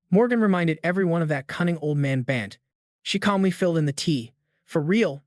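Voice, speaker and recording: Male narrator, slangy casual recap delivery, fairly high voice, dry close sound. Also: dry recording.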